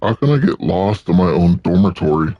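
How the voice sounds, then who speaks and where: A man's voice: low-pitched, lively intonation, fairly quick, dry recording, muffled recording. A man giving joking, casual commentary while playing a video game. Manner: joking, laughs at himself. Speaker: let's play gamer.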